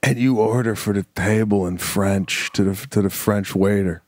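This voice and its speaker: A man's voice: on the low side, moderate pace. A man co-hosting a casual comedic chat, telling stories and acting out the voices of family and strangers. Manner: animated storyteller, acts out family voices. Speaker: podcast co-host.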